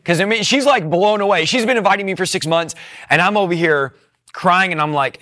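A young man earnestly telling an emotional personal conversion story, shifting between hushed and excited moments. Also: high voice, fairly quick. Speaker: testimony speaker.

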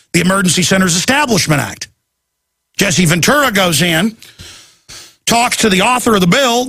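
A man's voice: high-pitched, creaky, sharp tone, slightly rough, no echo. A man hosting a talk radio show, delivering an urgent, emphatic ranting monologue.

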